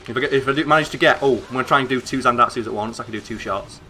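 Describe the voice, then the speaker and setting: A young man with a northern English accent, chatting excitably and swearing as he streams a game, rambling with lots of fillers. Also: mid-range voice, racing. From northern England. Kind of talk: casual gameplay commentary.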